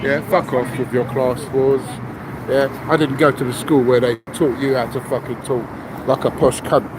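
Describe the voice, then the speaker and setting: A man with a Cockney accent from London, ranting loudly and aggressively, swearing and firing off repeated rhetorical questions into a camera. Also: mid-range voice, fairly even intonation, normal speed, background noise. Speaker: vlogger. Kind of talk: angry ranting monologue. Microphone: handheld camera.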